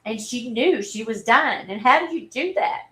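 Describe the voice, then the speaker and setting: A woman, telling a personal story in a halting, earnest and openly emotional way on a livestream. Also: fairly high pitch, animated, bright, forceful tone, low-quality recording. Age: 40s. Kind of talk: candid personal livestream talk.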